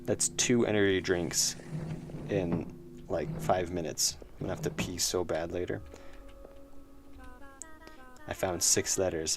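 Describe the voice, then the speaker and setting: A man's voice: low-pitched, steady tone, normal speed, vocal fry, long pauses, soft background music. A man streaming a horror game, thinking aloud in rambling casual commentary with self-mocking laughs. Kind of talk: casual let's-play commentary.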